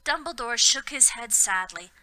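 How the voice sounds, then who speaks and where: A woman's voice: a little high, moderate pace. Sarcastic woman reading aloud. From Florida, USA. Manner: sarcastic, animated, swearing. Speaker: podcast co-host reading fanfiction. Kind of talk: comedic dramatic reading and banter.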